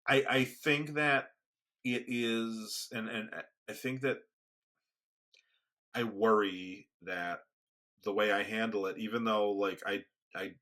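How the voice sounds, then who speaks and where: A man co-hosting a podcast, talking casually and haltingly, often restarting as he searches for words. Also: fairly low pitch, fairly even intonation, sharp tone. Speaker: podcast co-host. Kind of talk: casual conversation.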